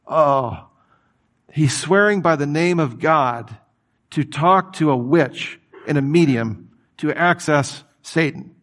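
A man preaching a sermon, reading scripture aloud and commenting on it in a lively, conversational way. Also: a little high, slow pace.

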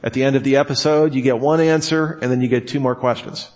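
Animated man teaching a class. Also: medium pitch, fast talker, hardly any pauses. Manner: animated, acts out examples in voices; asks the room rhetorical questions. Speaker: teacher of preachers.

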